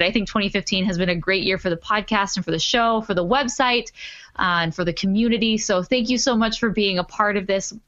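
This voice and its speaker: A woman's voice: mid-range voice, a bit bright, highs cut off. A woman hosting a podcast, chatting casually and upbeat with plenty of fillers. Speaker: podcast host.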